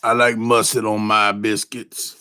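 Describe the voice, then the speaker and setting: A man doing an impression of a slow-witted Southern man from a film, with a low grunting drawl and murmured "mm" sounds. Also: little pitch movement, pushed and bright, clear, resonant tone. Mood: slow, menacing.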